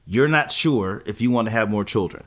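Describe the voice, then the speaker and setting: A man co-hosting a podcast in casual recap chat, opinionated and deliberate, speaking to his listeners. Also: on the low side, a bit bright. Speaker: podcast co-host.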